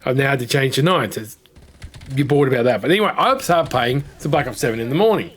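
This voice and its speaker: A man's voice: medium pitch, expressive, fast talker, a bit bright. A man telling a rambling, opinionated story in casual gaming commentary, blunt and now and then swearing. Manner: blunt, drops the odd swear. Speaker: gaming content creator.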